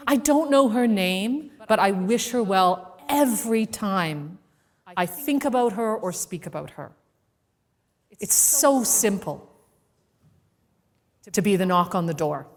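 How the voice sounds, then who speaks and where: A woman speaker telling a personal story to a live audience in a playful, animated way, acting out the voices in it. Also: medium pitch, long reverb tail. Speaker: keynote speaker. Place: event venue with a live audience.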